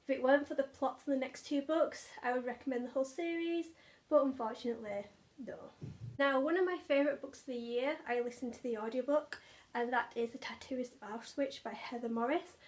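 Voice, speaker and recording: A woman's voice: high voice, brisk, a little mellow. A young woman, chatting enthusiastically about favourite audiobooks, often repeating words for emphasis. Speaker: book vlogger. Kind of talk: casual chat.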